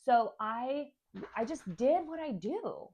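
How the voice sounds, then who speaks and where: A woman's voice: sits high, lively intonation, slow pace, darkish tone. Young woman vlogger, candid and chatty, telling her family story to camera. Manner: candid, chatty, acts out kids' voices. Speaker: stepmom vlogger.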